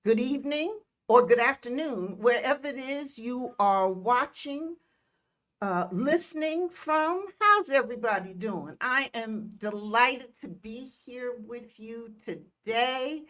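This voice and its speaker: An older woman hosts a live stream from Detroit, effusively welcoming viewers by name and sending them kisses. She speaks in an unhurried, drawn-out way with a voice pitched a little high. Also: lively intonation, pushed and bright. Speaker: host.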